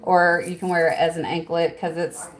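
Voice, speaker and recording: A woman's voice: lowish voice, flat delivery, normal speed. A woman hosting a livestream from home, chatting casually, reading viewer comments aloud and laughing often. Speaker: livestream host.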